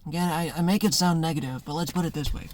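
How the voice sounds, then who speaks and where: Chatty man with a higher voice. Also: fairly even intonation, fast, a little mellow, slight background noise. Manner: rambling and conversational, reading from notes; acts out voices in anecdotes, laughs often. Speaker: spiritual content creator. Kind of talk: casual monologue.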